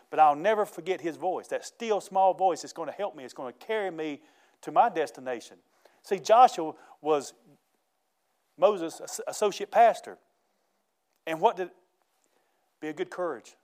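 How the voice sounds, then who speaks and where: A man delivers a sermon in a folksy, animated way. His voice sits a bit high for a man, and he breaks into laughter between his points. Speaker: pastor.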